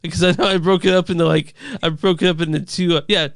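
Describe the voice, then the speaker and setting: High-voiced rambling man, crisp and dry. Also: steady tone, fast talker, no echo. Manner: rambling, stammering, swears casually. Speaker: podcast co-host. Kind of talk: casual movie podcast chat.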